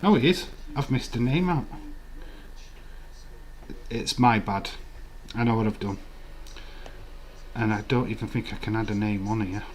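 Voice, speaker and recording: A man's voice: fairly low pitch, a little slow, pauses often, darkish tone, slight background noise. A man hosting a live watch-along stream, rambling in casual, profane banter with his chat.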